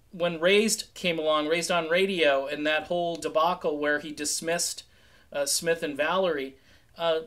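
Chatty, high-voiced middle-aged man. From New England. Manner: chatty and animated, slips into mock accents and quoted voices. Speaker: music commentary host. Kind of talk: casual commentary vlog.

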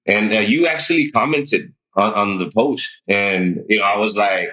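A man on a podcast, telling his weight loss story in an animated, chatty way and peppering it with "like" and "dude". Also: on the low side, normal speed, rough recording. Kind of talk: casual interview storytelling.

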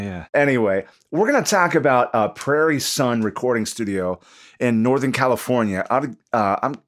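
A man's voice: mid-range voice, a bit bright. Man hosting a casual podcast. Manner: jumps in to ask questions and pin down details. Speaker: podcast host. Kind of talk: casual chat.

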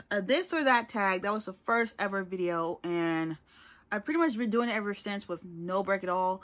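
A woman's voice: mid-range voice, moderate pace, fairly bright tone. A young woman talking casually to her viewers in a rambling, chatty vlog. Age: young adult. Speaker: YouTuber.

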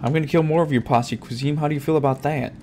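Man, gameplay commentary, foul-mouthed trash talk, sudden loud yells, somewhat high voice, noisy background hiss. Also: fast. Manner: profane trash talk at game enemies, sudden loud outbursts. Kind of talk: let's-play commentary. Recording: steady background noise.

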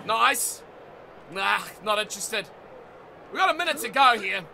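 A man with a New Zealand accent commentating his own rugby video game, yelling mock insults at the players and then muttering to himself. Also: very high-pitched, sing-song, unhurried, creaky, long pauses, a loud crowd, very noisy. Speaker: gaming YouTuber.

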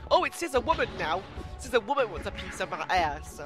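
A young English gamer gives casual commentary over a horror game, easily startled and quick to scream. Between frights the voice drops into soft, chatty asides to viewers. The pitch swings widely, and game music plays clearly behind. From England. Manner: jumpy and excitable, screams when startled, then chats softly to viewers. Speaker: let's play gamer.

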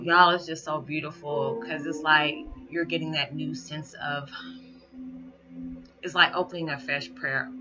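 A man talking in a casual spiritual vlog, halting and full of "you know", near tears at times. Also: fairly high pitch. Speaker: spiritual vlogger. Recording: dull lo-fi audio with music behind. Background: background music.

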